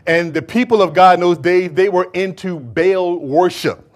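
A male preacher delivering a sermon, retelling a Bible story in a lively, conversational way and swinging between loud and hushed delivery. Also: high voice, normal speed. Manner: animated storytelling, acting out biblical figures.

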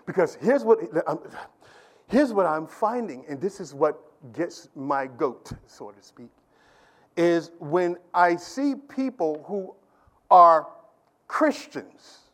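A pastor preaching a Sunday sermon to his congregation, building from a quiet discussion into emphatic, repetitive calls and questions to the room. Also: a little high, very animated, slow.

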